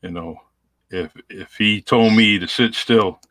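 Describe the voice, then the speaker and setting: A man hosting a podcast, talking in a relaxed, halting way with fillers. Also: fairly low pitch, dry recording. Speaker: podcast host. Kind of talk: casual chat.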